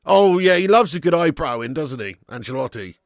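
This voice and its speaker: Laughing man with a gravelly voice. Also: fairly high pitch, animated, fairly quick, no echo, clean studio sound. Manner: jokey banter, reading out viewer messages, laughing often. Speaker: watch-along stream host. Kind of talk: live football watch-along chat.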